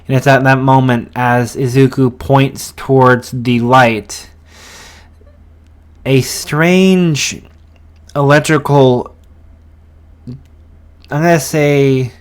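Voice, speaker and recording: A man casually narrating a fan story, hesitant, with many fillers and restarts. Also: medium pitch.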